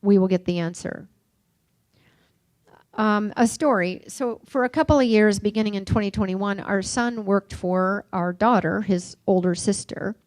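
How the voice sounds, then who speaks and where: An older woman giving a reflective recovery workshop talk, mixing gentle questions with personal stories. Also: mid-range voice, a little slow, no echo. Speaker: workshop speaker.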